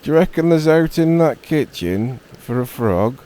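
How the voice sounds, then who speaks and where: A friendly, chatty male robin with a homely Northern English accent , put on by a man. He chats about cake crumbs in a low, mellow voice, barely above the teller's own. A gentle storybook character. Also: animated, slow pace, full character voice.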